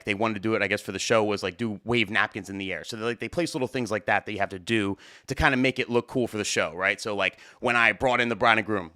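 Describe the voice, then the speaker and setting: Casting: young male wedding DJ, mid-pitched, dry close sound, loose excitable storyteller who swears and rambles. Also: smooth, no room sound. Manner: rambling, profane, filler-heavy, excitable. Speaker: wedding DJ and show host. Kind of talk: casual storytelling.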